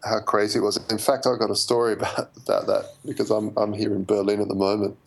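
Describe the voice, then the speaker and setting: A male radio guest chatting casually, a lively storyteller who laughs often and uses many fillers. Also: fairly low pitch, fast, vocal fry, slightly rough, rough recording. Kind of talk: casual chat, anecdote. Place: in Berlin.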